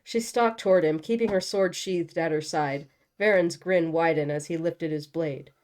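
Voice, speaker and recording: A woman's voice: low voice, moderate pace, a little mellow. A young woman reading a novel aloud and breaking off for casual, joking commentary. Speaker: book channel host.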